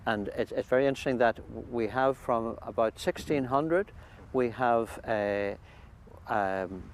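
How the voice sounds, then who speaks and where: A man speaks outdoors at a water's edge, with faint noise around him. He talks thoughtfully and haltingly, often restarting his sentences as he explains things in an interview. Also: medium pitch. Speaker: priest hosting pilgrims. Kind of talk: conversational interview. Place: outdoors at a lake shore.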